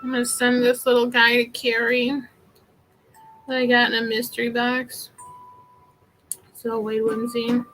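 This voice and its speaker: A woman's voice: a little high, monotone, a little slow, pauses often, a bit bright, soft background music, rough recording. A woman chatting casually through a live thrift haul, rambling with many fillers. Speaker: vintage seller vlogger.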